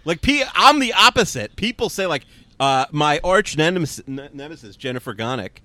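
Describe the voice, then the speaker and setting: A man co-hosting a podcast in casual chat, dry and teasing, trailing off low. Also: big pitch swings, moderate pace, bright, forceful tone, no echo. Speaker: podcast co-host.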